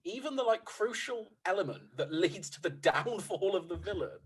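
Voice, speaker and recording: A man's voice: high voice, animated, normal speed. A man chatting casually as a film critic guest on a podcast, enthusiastic and gushing, laughing often as he talks. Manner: giggly, laughs often while talking.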